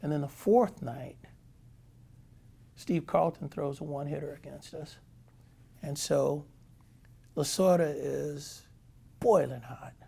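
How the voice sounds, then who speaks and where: A man in his sixties, a former pitcher, telling a lively anecdote as a guest. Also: slow pace, gravelly, pauses often, slightly rough. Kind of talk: storytelling anecdote.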